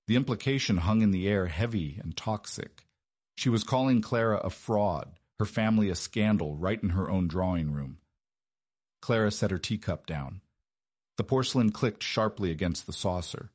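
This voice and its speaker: Low, husky male narrator. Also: a little mellow, no room sound, clean studio sound. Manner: measured, dramatic storytelling. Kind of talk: scripted narration.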